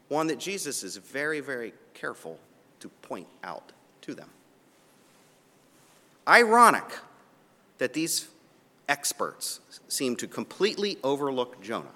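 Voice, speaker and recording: A man preaching a sermon and reading scripture aloud, his delivery swinging from soft asides to emphatic, raised points. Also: mid-range voice, sing-song, normal speed, long reverb tail. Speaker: pastor.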